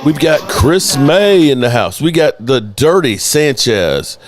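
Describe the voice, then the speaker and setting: A man's voice: mid-range voice, very animated, slow pace, soft background music. A man hosting a live sports talk stream, loose and joking, swearing freely as he greets viewers by name. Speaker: host of a sports news channel.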